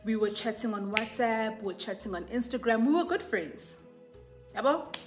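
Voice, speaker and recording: A woman's voice: on the high side, lively intonation, normal speed, over music. A young South African woman telling a casual storytime, chatty and switching between English and isiZulu. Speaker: YouTuber.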